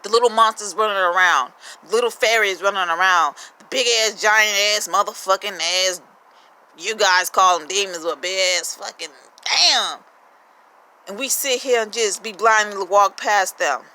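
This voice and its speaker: A woman's voice: medium pitch, normal speed, pushed and bright, poor audio. A woman giving a rambling, profane spiritual monologue, firing off rhetorical questions with emphatic energy. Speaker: spiritual vlogger.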